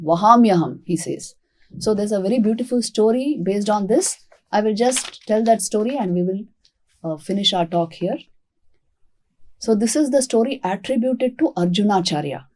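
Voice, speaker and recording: A woman, a monastic teacher giving a spiritual talk and calmly telling a devotional story. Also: mid-range voice. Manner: calm, expressive storytelling.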